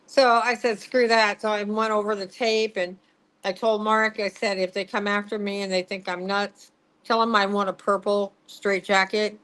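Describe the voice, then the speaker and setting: A woman's voice: mid-range voice, level tone, moderate pace, a bit bright, low-quality recording. A middle-aged woman, a psychic medium, telling a story in an interview, laughing, swearing and acting out what people said.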